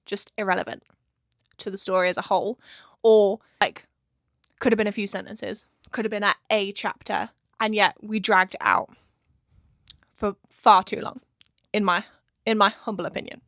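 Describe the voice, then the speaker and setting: A woman's voice: mid-range voice, fairly bright tone, no room sound, clean studio sound. A woman in her twenties chatting casually about a book in a reading vlog, with lots of filler words. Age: 20s. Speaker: book vlogger.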